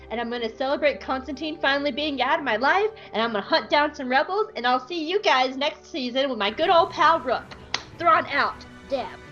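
A woman's voice: sits high, fairly bright tone, dull audio. A woman voicing a smug, offhand male alien admiral in a flippant tone.

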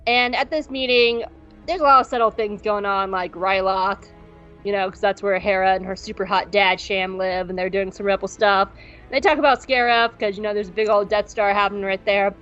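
Medium-pitched and fairly bright, this podcast co-host talks a little fast with fairly even intonation. Her casual recap is rambling, jokey and full of swearing; the recording is dull lo-fi with faint music in the background.

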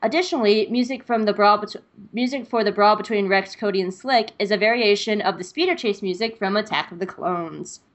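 A woman's voice: medium pitch, a little fast. A woman co-hosting a fan podcast, chatting casually and reading an episode recap. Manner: chatty, laughs easily, reads recaps aloud. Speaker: podcast co-host.

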